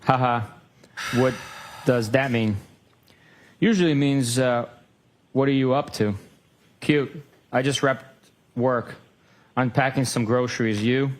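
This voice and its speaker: A man in court reading text messages aloud in a flat, measured way. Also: medium pitch. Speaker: witness reading texts.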